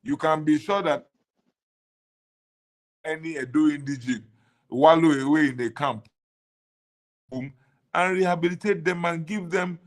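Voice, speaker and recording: A man from Nigeria, a candidate being interviewed, making earnest, halting promises. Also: a little high. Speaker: political candidate guest. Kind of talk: interview answer.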